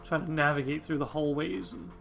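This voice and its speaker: A let's play host, a man, talks through his game in a loose, chatty way, wandering into asides and swearing now and then. His voice sits a bit high for a man. Faint music plays behind him. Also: fairly even intonation, fairly quick, vocal fry. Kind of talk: casual gameplay commentary.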